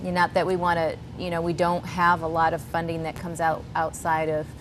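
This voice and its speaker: A woman guest on a cooking show talks in an earnest, chatty way that wanders a little. Her voice sits on the lower side. A faint hum of the room sits behind her. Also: completely flat delivery, fairly quick. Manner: earnest, chatty, slightly rambling. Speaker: guest from a youth charity. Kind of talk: TV talk-show interview.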